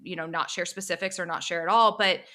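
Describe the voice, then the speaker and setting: A woman hosting a podcast asks long, winding questions, filling them with hedges and fillers. Her voice is bright and forward, with a slightly low pitch. She leaves plenty of room for her guest to answer. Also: steady tone, quick pace. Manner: rambling, hedging questions full of fillers. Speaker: podcast co-host. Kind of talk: casual interview questions.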